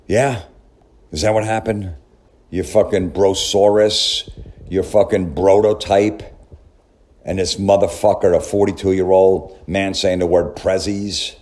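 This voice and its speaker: Sarcastic deep-voiced man ranting. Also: normal speed, darkish tone. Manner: sarcastic, profane, incredulous. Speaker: comedy commentator. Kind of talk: mocking comedic rant.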